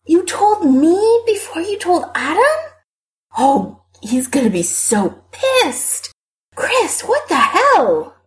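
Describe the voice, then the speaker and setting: A woman reading an audiobook voices an excitable, blunt young woman who gushes and squeals. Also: slow pace, heavily acted. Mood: shocked. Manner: high, gushing, loud squeals. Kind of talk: audiobook character voice.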